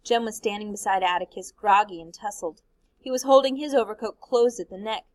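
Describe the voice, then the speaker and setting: A woman, a teacher, reading a novel aloud in a steady, expressive way. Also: medium pitch, fairly quick, no room sound, poor audio.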